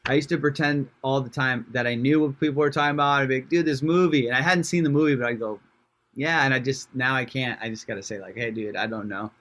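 Man, comedian guest, laid-back, swears a lot, self-mocking, middle pitch. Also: fast talker, a bit bright, low-quality recording. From Iran. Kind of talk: casual interview chat.

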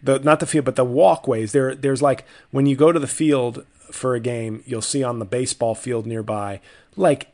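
A man's voice: mid-range voice, fairly even intonation, moderate pace, darkish tone. Profane, rambling male comedian. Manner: profane, digressive storytelling with frequent restarts; mock-outraged rants. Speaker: comedian podcast host. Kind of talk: rambling comic monologue.

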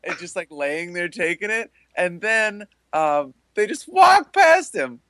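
A man's voice: high voice, big pitch swings, unhurried, sharp tone, no room sound. A man co-hosting a casual movie podcast, animatedly acting out scenes. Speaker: podcast co-host.

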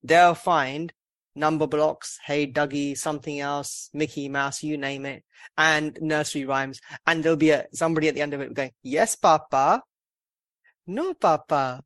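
Joking podcast host. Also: male voice, a little high, little pitch movement, normal speed, fairly bright tone, dry recording. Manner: jokey, swears, laughs at own jokes. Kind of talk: casual banter.

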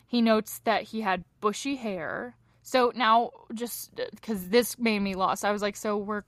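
A young woman co-hosting a true crime podcast, telling the case in a chatty, animated way and laughing often, tired from little sleep. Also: mid-range voice, unhurried, dry recording. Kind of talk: casual true crime chat.

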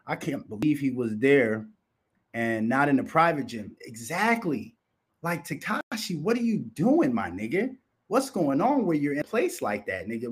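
A man's voice: fairly high pitch, big pitch swings, normal speed, slightly rough. A man hosting a live stream and talking to his chat in a brash, boastful, profane way, laughing often. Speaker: livestream host.

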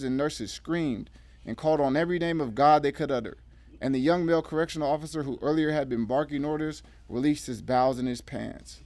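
A man's voice: a little high, darkish tone, no echo. Male narrator, mid voice, dramatic read, dry. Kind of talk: dramatic fiction reading.

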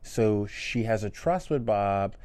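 A man's voice: fairly low pitch, lively intonation, slow, darkish tone, no room sound. A man co-hosting a casual chat, blunt and teasing. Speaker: podcast co-host.

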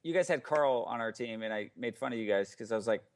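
A man's voice: mid-range voice, quick pace, darkish tone. Chatty man rambling on a podcast. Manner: rambling, lots of "like" and restarts. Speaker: podcast guest, ministry founder. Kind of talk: casual podcast conversation.

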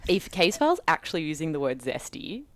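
Low-voiced, sweary Australian woman co-host. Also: fairly quick. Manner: sweary, animated storytelling, laughs often. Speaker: podcast co-host. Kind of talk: casual podcast chat.

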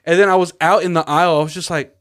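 A young man with a fairly high voice co-hosts a podcast in casual chat. He tells rambling, profane anecdotes and acts out the people in them. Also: fairly even intonation, very fast, a bit bright, clear, resonant tone. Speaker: podcast co-host.

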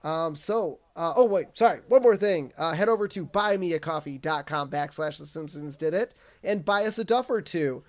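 A man co-hosting a casual podcast, excitable and laughing often. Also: fairly high pitch, normal speed, few pauses. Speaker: podcast co-host.

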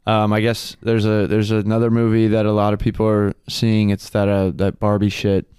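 Podcast co-host, man, 20s, joking and excitable, smooth voice, dry close sound. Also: fairly low pitch, moderate pace, no room sound. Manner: joking, excitable, swears freely. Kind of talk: casual chat.

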